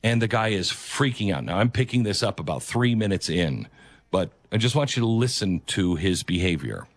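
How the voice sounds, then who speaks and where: A low-voiced man hosts a commentary show, reacting to a video clip with earnest, emphatic opinions. His pitch swings widely at a moderate pace, he repeats his key phrases, and there's no echo.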